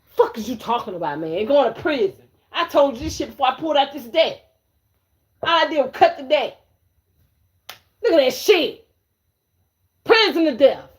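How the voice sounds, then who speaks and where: A fairly high-voiced woman doing a tarot reading on a livestream. She sounds brash and cursing, swaggering as she throws taunting questions at her viewers. She says lines twice over and laughs in their faces. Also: big pitch swings, moderate pace, pauses often. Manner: profane, confrontational and swaggering, with mocking laughs; repeats phrases and calls out to viewers. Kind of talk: live-streamed card reading.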